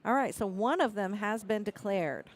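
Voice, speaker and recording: Co-hosting a live stream of a pool tournament, a woman with an expressive mid-range voice runs through the upcoming matches at a moderate pace. She's informative and quick to laugh.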